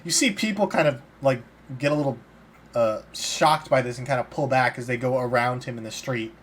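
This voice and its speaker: A man narrating as game master in a tabletop game, calm and plain, slipping into short character lines. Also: medium pitch, a little fast, a little hiss or hum.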